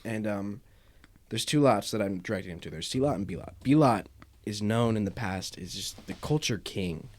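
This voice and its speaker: Young man, low voice, relaxed rambling podcast talk. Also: moderate pace. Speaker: podcast co-host. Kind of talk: casual chat.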